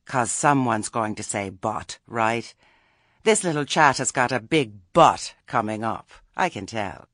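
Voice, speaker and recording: A man voicing a blunt, earthy old female village witch who talks plainly with rough grammar. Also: medium pitch, animated, unhurried, fairly bright tone, no echo, studio quality. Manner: plain-spoken, dialect grammar.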